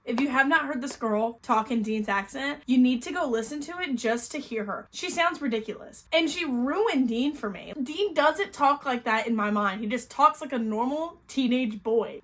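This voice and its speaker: Blunt, animated young woman ranting. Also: high voice. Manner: blunt, animated, swears freely. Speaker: book vlogger. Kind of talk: casual book review rant.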